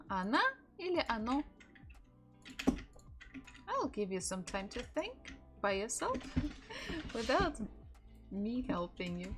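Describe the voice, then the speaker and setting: Teaching her native language in a live-streamed lesson, a woman with a Russian accent and a medium-pitched voice repeats words slowly so learners can practice.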